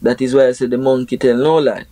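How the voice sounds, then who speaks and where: A young Jamaican reggae artist talks in a relaxed, unhurried interview manner. His tone is mellow and dark, and his voice sits close and dry with no room around it. He explains ideas through proverbs, leaning on "you know" as he goes. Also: medium pitch, no room sound, low-quality recording. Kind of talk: casual interview talk.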